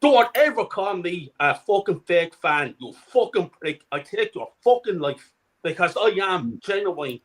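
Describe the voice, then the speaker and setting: A man's voice: high-pitched, sing-song, a little slow, low-quality recording. A middle-aged man, co-hosting a fan channel and delivering an angry, profane rant. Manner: furious, profane, shouting rant. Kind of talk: angry ranting fan commentary.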